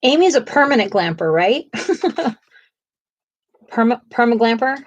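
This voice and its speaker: A woman's voice: fairly high pitch, expressive, unhurried, dry recording, lo-fi sound. Chatty woman co-hosting a coloring stream. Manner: chatty, asks viewers questions, laughs often. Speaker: co-host of a live coloring stream. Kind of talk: casual chat while coloring.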